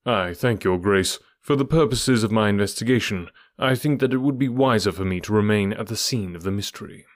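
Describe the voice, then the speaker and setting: A man voicing a shrewd, cool middle-aged detective who speaks in a bland, measured way. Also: fairly low pitch, dry recording, studio quality, natural voice. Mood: blandly probing.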